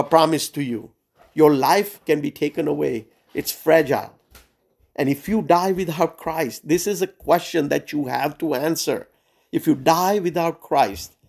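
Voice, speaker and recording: A man leading a Bible study over a video call, preaching urgently with many pauses and fillers. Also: fairly high pitch, darkish tone. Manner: earnest and urgent, frequent "uh" and "right?" fillers. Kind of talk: sermon-style Bible teaching. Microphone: Zoom call.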